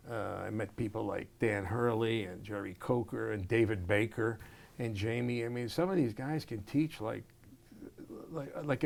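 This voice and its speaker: This man has a creaky, mid-range voice. A jazz saxophonist and educator, he gives an oral history interview as an animated storyteller, playing out scenes and scatting melodies.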